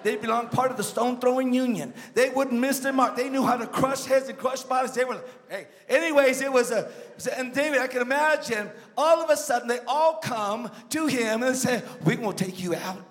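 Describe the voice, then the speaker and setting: High-voiced preaching man in a reverberant church. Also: steady tone, normal speed. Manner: emphatic preaching, swings from shouts to low asides; joking asides to the congregation. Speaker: guest pastor. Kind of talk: sermon. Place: church sanctuary.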